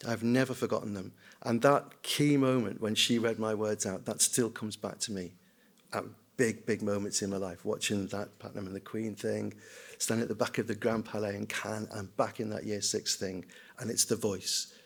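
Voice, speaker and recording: A man's voice: on the low side, normal speed, vocal fry. Older man telling stories at a conference. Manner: storytelling, self-deprecating, mimics voices, animated. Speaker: screenwriter and children's writer giving a conference talk. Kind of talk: conference talk, anecdotal. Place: conference hall.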